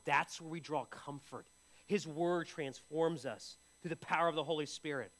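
A pastor delivers a sermon in a conversational style, often repeating and restarting his words. His voice is fairly high and bright, at a normal pace.

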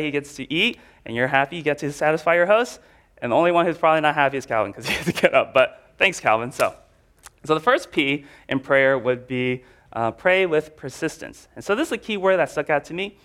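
A man delivering a relaxed, conversational sermon in a slightly high voice. He tells it like a story, full of chatty filler words, and speaks directly to his listeners. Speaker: preacher.

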